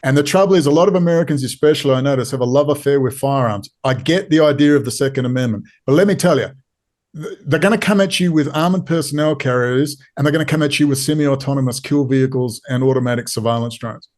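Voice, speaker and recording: A man's voice: medium pitch, fast, a little mellow. A man with an Australian accent, a podcast guest, talking in an urgent, pleading way and hammering points home through repetition. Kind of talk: impassioned interview talk.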